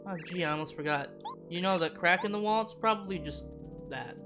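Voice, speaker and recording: A woman reading the lines of a spunky, defiant young female bomb creature from a game, lively and at times shouting in outrage. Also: fairly low pitch, a little fast, lightly acted. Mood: eager. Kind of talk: reading game dialogue aloud. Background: game music.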